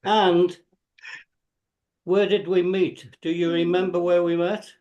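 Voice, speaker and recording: Scouse man, slightly high voice, chummy toasting guest on a call. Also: level tone, takes it slowly, darkish tone, highs cut off. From England. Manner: chummy, toasting, loose phrasing.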